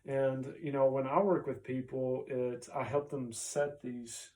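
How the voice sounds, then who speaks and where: A man's voice: mid-range voice, little pitch movement, a little slow, warm tone, recorded from a distance, poor audio. A man, a chiropractor, explaining health ideas in a casual, conversational way, often checking in with "right?" and pointing to a chart as he goes.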